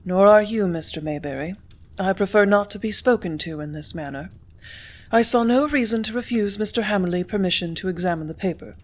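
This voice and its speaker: A composed young office woman who stays quiet and cool under pressure, read by a woman narrator. Her replies are tart and precise. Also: medium pitch, a little fast, lightly acted. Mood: firm.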